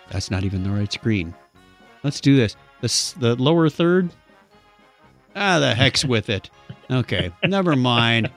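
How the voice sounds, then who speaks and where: A man hosting a podcast in casual banter, chatty and jokey, with plenty of asides. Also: fairly high pitch. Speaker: podcast host.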